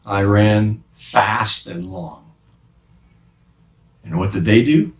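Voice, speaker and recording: A man playing Peter, a guilt-stricken old fisherman. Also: lowish voice. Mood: remorseful. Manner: halting confession with restarts, slow and heavy. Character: remorseful male fisherman apostle, middle-aged, haunted by guilt. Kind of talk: dramatic first-person monologue. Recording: roomy sound from a distant mic.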